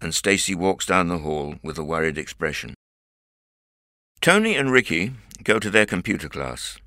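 A man narrating a storybook reading at a measured, clear pace. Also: low voice, big pitch swings, bright, forceful tone, no echo, studio quality.

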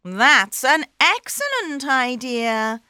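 A woman voicing a clever male talking cat in a storybook, high-pitched and excitable. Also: slow pace, clear, resonant tone, no echo, heavily acted. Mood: eager. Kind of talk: storybook reading.

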